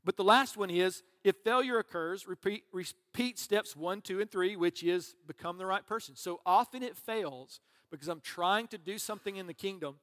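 A man's voice: sits high, normal speed, hardly any pauses, fairly bright tone. A man preaching a sermon as pastor, conversational and joking, with asides to the congregation. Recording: long reverb of a large hall.

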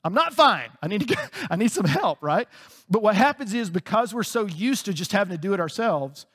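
Man, pastor, high voice, casual animated sermon, long hall reverb. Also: a little fast, slightly rough. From United States. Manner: conversational and animated, laughing between points.

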